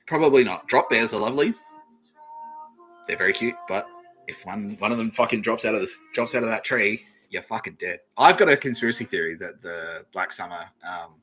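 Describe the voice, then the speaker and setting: A man's voice: on the low side, a little fast, bright, forceful tone, faint music behind, rough recording. A man with an Australian accent hosting a comedy podcast, rambling through a jokey monologue, swearing often and laughing at his own jokes. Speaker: podcast host.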